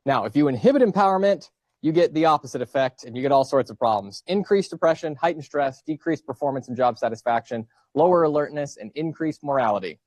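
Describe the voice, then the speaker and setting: A man's voice: a little high, expressive, fast, darkish tone, no room sound. A man in his thirties, a college professor giving a casual lecture, joking and asking his students questions. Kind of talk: classroom lecture with student banter. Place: classroom.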